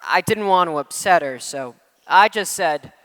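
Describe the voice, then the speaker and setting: A man's voice: high voice, expressive, unhurried, a bit bright, clear, resonant tone. A teenage boy in a school play as a tired traveling father, reading a letter home in a wry storytelling tone. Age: teens. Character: weary traveling father writing home to his sons. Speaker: student actor. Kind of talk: stage monologue reading a letter. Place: school auditorium stage. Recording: echoey hall from a room mic.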